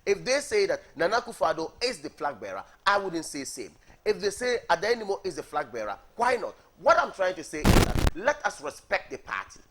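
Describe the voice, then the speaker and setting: There's slight background noise as a high-pitched, very animated man speaks a little fast, with few pauses and a somewhat bright tone. He's a party coordinator from Ghana arguing emphatically in a TV studio during a heated morning political debate, repeating words and asking "are you getting me."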